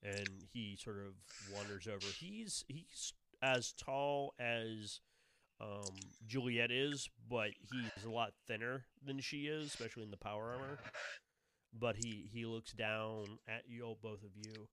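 A man's voice: on the low side, a little slow, a bit bright, slight background noise. A man narrating a tabletop game as game master, rambling and restarting his sentences as he describes the scene. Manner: rambling, full of fillers and restarts.

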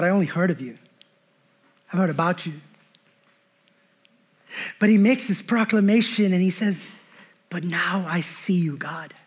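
A pastor preaching a sermon in church, building emphatically and slipping into relaxed storytelling with quoted dialogue. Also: male voice, high voice, breathy edge.

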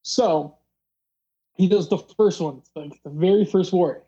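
A podcast host telling a story in a loose, casual way, full of fillers and acted-out dialogue. The voice sits at a middle pitch with a mellow, darker tone. The recording sounds slightly dull and lo-fi. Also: measured pace, breathy edge. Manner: rambling, filler-heavy, acts out dialogue.

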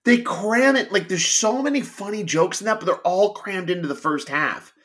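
A man in casual chat, animated, often quoting lines in put-on voices. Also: sits high, moderate pace. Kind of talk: casual chat about TV shows.

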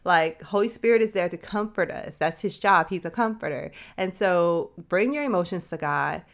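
A woman's voice: fairly low pitch, animated, moderate pace, creaky. A woman giving a casual Bible teaching, talking conversationally and acting out Bible figures in everyday speech. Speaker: host of a faith series for women.

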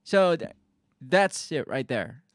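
A man's voice: medium pitch, expressive, slow, no echo. Ranting profane man, dry sound. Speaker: podcast co-host. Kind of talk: casual chat.

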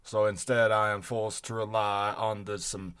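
A man's voice: fairly low pitch, level tone, moderate pace, fairly bright tone, clean tone. A young man co-hosting a casual podcast early in the morning. He sounds a little tired and talks with wry, easygoing humor. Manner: wry, joking, laughs often. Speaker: podcast co-host.

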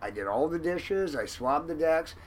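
A man telling a long story in an interview about his time as a fishing boat cook, animated and acting out the lines of others. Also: on the high side, moderate pace, a little hiss or hum, low-quality recording. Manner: animated, acts out quoted lines loudly.

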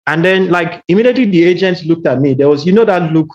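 A man in his thirties with a Nigerian accent, chatting casually and telling a story with quick asides and restarts. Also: on the high side, animated, darkish tone. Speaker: podcast co-host. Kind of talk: casual chat. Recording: dull lo-fi audio.

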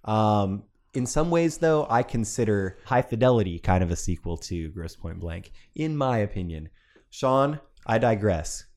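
A man hosting a casual podcast chat, leading the segments with quick jokes and asides. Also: lowish voice, lively intonation, darkish tone. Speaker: podcast host.

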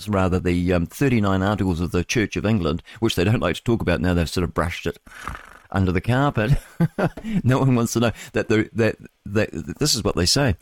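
A man's voice: fairly low pitch, no echo, clean studio sound. A man with a New Zealand accent hosting a casual morning radio show, rambling and interrupting himself with chuckling asides. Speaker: radio host. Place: radio studio.

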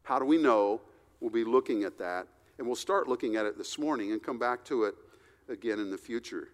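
A man preaching a sermon as pastor, slow and deliberate with emphatic stresses. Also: a little high, big-room sound.

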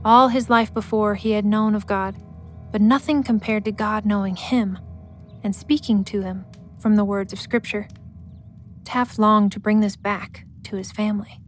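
A woman giving scripted story narration in a steady, measured way. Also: medium pitch, faint music behind.

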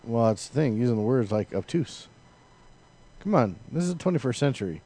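Casting note: male podcast co-host, lowish voice, sarcastic teasing banter. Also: animated, fairly quick, dark tone. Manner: sarcastic, teasing, ranting jokes. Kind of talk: casual chat.

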